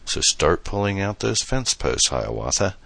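A man's voice: low-pitched, very animated, a little slow, vocal fry, a bit bright, dry recording, voice pushed up, exaggerated voice. A man playing a playful, boastful young man who jokes with his date, in a storybook reading. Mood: joking. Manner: playful, mock-grand.

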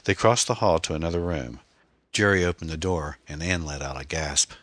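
A man reading a mystery novel aloud as audiobook narrator, measured and steady, on a close mic. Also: extremely low pitch, dry recording.

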